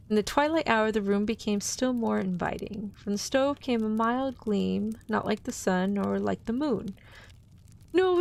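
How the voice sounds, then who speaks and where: A woman's voice: a little high, vocal fry. A woman vtuber hosting a stream, reading a story aloud with chatty, playful asides to her chat.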